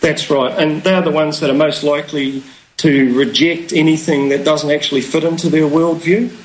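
A man's voice: on the high side, steady tone, moderate pace, slight background noise, rough recording. A man, a guest talking in a rambling, philosophical way with many fillers. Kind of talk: casual conversation.

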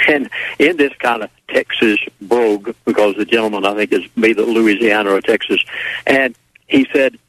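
A man's voice: lowish voice, moderate pace, a bit bright, dry recording, poor audio. An older man, a radio guest, telling a story in a rambling way, with restarts and quoted lines. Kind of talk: casual phone-in storytelling.

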